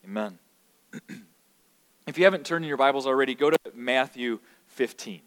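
A man's voice: medium pitch, moderate pace, fairly bright tone, long reverb tail. A man preaching a sermon as pastor, earnest, and stumbling over repeated words when he builds emphasis.

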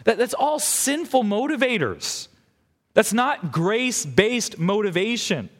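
A man's voice: sits high, sing-song, a little slow. A man preaching a sermon as pastor, emphatic and firing rhetorical questions at the listeners. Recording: long hall reverb.

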